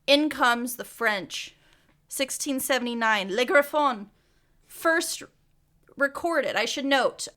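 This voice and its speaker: Young woman podcaster, bright tense voice, chatty and laughy, lots of ums. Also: on the high side. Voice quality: chatty, laughing asides, frequent fillers. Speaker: podcast co-host. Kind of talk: casual research podcast chat.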